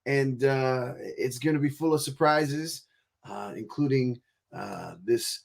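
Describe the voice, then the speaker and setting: A man's voice: medium pitch, slow pace, creaky. A man hosting a casual video-call interview, rambling with fillers, laughing easily. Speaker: show host.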